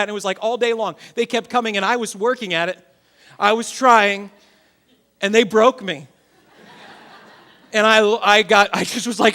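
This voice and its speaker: A man in his thirties, a pastor preaching a sermon to his church, swinging between loud bursts and quiet, earnest passages. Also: high-pitched, fairly quick.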